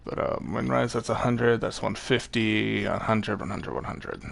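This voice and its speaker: A man's voice: lowish voice, fairly even intonation, unhurried, gravelly, fairly bright tone. A young man casually commenting on his gameplay, laid-back, joking and rambling. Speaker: gaming YouTuber.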